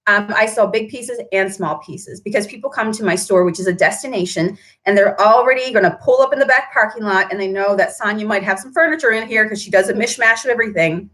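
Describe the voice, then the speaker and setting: A woman's voice: mid-range voice, fast, hardly any pauses, fairly bright tone. A woman who runs a paint shop, chatting on a live stream, answering viewer comments and tagging her points with "right?".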